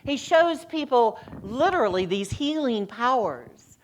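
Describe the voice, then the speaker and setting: A woman's voice: a little high, unhurried. A middle-aged woman minister giving a sermon, telling stories with a voice that climbs and drops and acting out the quoted lines. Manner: lively storytelling, voice rising and falling, acts out quoted lines. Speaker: senior minister.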